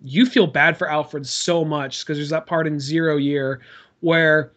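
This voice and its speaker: Brief: young male podcast host, high and bright, animated, swears a lot while retelling scenes. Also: measured pace. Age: young adult. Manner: animated, swears freely, acts out quotes in a high voice. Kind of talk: casual chat.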